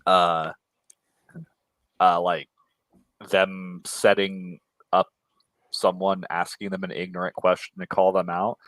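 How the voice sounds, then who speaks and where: A low-pitched man talks in a blunt, profane, casual way on a livestream. His voice sits very low and the sound is dry and close, with no room around it. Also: level tone, slow pace, long pauses, fairly bright tone, no room sound. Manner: blunt, profane, mocking voices when quoting. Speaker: co-host.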